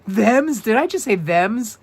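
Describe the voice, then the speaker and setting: A live-stream host from New York runs a trivia quiz, reading viewer answers, repeating questions, and greeting viewers by name in an upbeat way. He talks slowly in a high-sitting, animated voice with a breathy edge.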